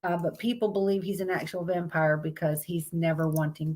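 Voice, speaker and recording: A woman's voice: fairly low pitch, flat delivery, a little fast, darkish tone. Chatty woman hosting a live stream. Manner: chatty, greets viewers, reads topics aloud with stumbles. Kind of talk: casual live-stream chat.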